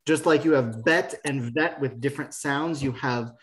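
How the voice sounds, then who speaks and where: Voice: mid-range voice, normal speed. A Hebrew teacher on a video call, patiently explaining and encouraging students' reading. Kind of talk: online class teaching.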